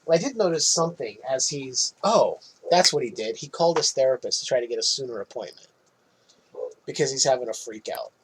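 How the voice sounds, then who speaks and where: A man's voice: medium pitch, animated, a little fast, fairly bright tone, a little hiss or hum, low-quality recording. A man podcast co-host recapping a film in casual chat, loose and swearing, laughing often.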